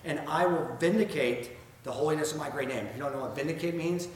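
A man's voice: a little high, fast talker. A man with a Southern accent preaching a sermon, asking rhetorical questions and reading scripture aloud in an earnest way. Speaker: pastor. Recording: very echoey room, faint ambient noise.

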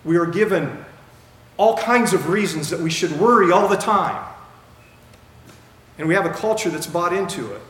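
A man's voice: high voice, expressive, normal speed, pauses often, fairly bright tone. A male pastor preaching a sermon in an emphatic way, repeating key phrases for effect. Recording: echoey room with faint background hiss.

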